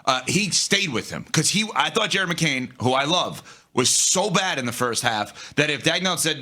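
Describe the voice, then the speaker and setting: A man co-hosting a sports talk show, arguing his take in an animated way and speaking straight to the audience. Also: fairly high pitch, moderate pace. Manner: animated, talks to the audience directly.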